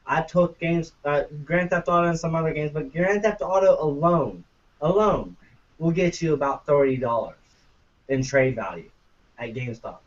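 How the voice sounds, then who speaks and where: A man's voice: on the high side, normal speed. A man co-hosting a gaming podcast, ranting casually and profanely. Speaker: podcast co-host. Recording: muffled lo-fi, distant from mic.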